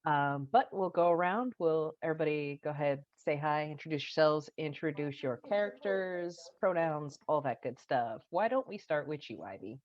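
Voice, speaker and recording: A woman acting as dungeon master, giving a relaxed, chatty recap of the last session. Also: deep voice, moderate pace, hardly any pauses, dry recording, muffled recording. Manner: relaxed, chatty, laughs easily. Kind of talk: casual game master narration.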